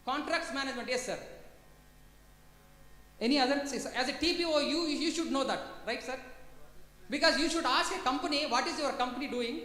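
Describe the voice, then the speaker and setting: A woman's voice: high-pitched, moderate pace, pauses often, fairly bright tone. A woman with an Indian English accent giving a talk to placement officers, often quizzing the audience and calling them sir. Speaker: industry guest speaker. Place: large conference hall. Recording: echoey hall with long reverb.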